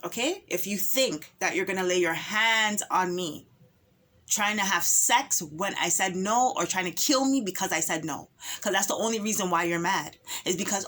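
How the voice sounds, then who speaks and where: A woman's voice: medium pitch, moderate pace, fairly bright tone. Woman delivering an impassioned, repetitive rant. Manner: emphatic and repetitive, with rhetorical questions. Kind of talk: impassioned personal monologue.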